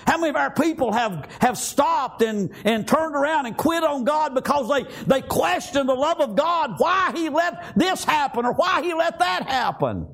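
A fervent male preacher with an unusually high voice for a man. He preaches a sermon, peppering nearly every line with "praise God" and "amen.". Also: animated, moderate pace, creaky, hardly any pauses, a bit bright.

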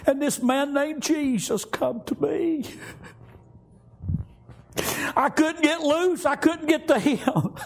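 Rejoicing wife figure, put on by a preacher, high voice, husky, fervent testimony. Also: male voice, a little slow, mellow, heavily acted. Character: joyful wife freed by grace, woman.

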